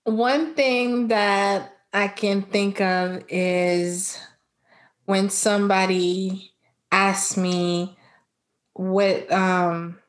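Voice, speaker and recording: A woman's voice: medium pitch, drawn-out words. A woman from Brooklyn in a casual chat, telling her view with animation and laughing as she talks. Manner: animated, laughs while talking.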